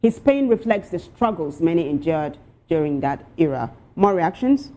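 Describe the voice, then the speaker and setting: A woman's voice: on the low side, moderate pace. Woman host reading posts aloud. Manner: lively, reads posts aloud with asides. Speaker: talk show host. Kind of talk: presenting and reading social media posts.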